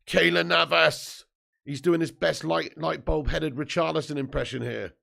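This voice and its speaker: A man's voice: fairly high pitch, steady tone, normal speed, creaky, pushed and bright. A man, just woken up and hosting a sweary, jokey live football watch-along, reading out viewer comments. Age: 30s. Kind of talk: casual live-stream chat and match commentary.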